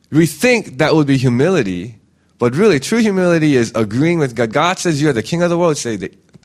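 Lively conversational male preacher. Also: a little fast. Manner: conversational, frequent "right?" tag questions; acts out quoted voices with big pitch jumps. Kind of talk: casual sermon.

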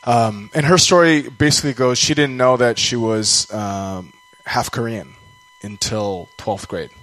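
A man's voice: mid-range voice, a little slow, a bit bright, low-quality recording. Rambling man telling a personal story. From Canada. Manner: rambling, self-deprecating, acts out quoted voices.

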